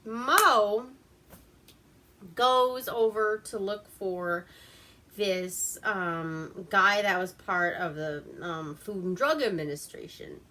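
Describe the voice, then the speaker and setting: A giggly woman from Alaska rambles through a movie recap at home, swearing freely and piling up fillers. She talks unhurriedly, with a bright, forward tone. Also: on the low side, slow pace. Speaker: movie reviewer host.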